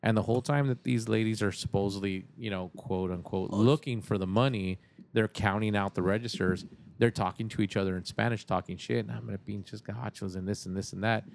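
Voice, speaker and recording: Low-voiced man telling a laid-back story. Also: steady tone, fairly quick, creaky, a little mellow, a little hiss or hum. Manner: laid-back, profane, says "man" often. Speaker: podcast guest. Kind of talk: casual storytelling chat.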